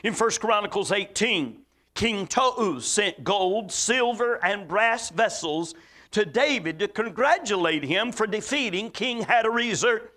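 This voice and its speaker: A preacher from the American South, with a Southern accent, giving a folksy, emphatic sermon full of stories and quotes. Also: male voice, high voice, lively intonation, unhurried, pushed and bright.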